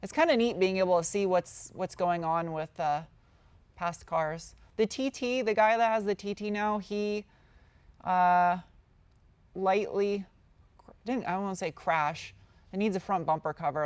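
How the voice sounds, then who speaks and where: A woman's voice: fairly low pitch, a little slow, clean tone, no room sound. A woman casually answering viewer questions on a live stream, rambling and chatty as she reads out each question. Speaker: car-build YouTuber answering live chat.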